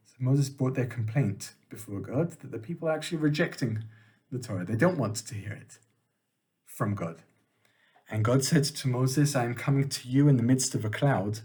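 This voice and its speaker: A man, a rabbi, giving an informal Torah lesson, emphatic and animated, with fillers and pauses. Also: mid-range voice. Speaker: rabbi teaching a class.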